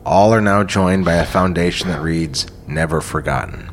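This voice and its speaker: Low-voiced guy reading a movie script out loud, dry jokes in between. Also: a little slow, a little hiss or hum. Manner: deadpan, profane asides. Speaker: podcast host. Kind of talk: script read-through with banter.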